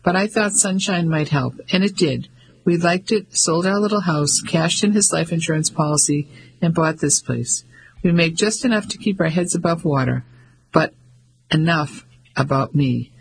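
A man's voice: on the high side, moderate pace, gravelly, slight background noise, low-quality recording. A man doing a chatty Cockney landlady. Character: brash Cockney landlady, middle-aged, scheming.

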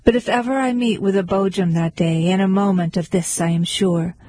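A woman's voice: medium pitch, steady tone, brisk, a little mellow, no room sound, natural voice, poor audio. A woman reading verse aloud, voicing a mild, tearful male baker telling his woeful story. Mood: mournful. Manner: mournful, pleading.

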